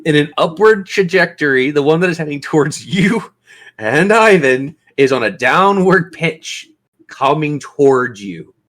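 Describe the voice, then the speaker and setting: A game master running a tabletop session in a mid-pitched voice. The delivery is playful and full of laughter, and it slows down and stretches out the dramatic narration. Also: lively intonation, a bit bright.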